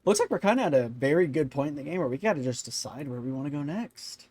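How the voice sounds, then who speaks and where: A man's voice: on the high side, very animated, fast, darkish tone, no room sound, soft background music. A man hosting a let's-play video, rambling and thinking aloud with many fillers. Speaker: gaming channel host.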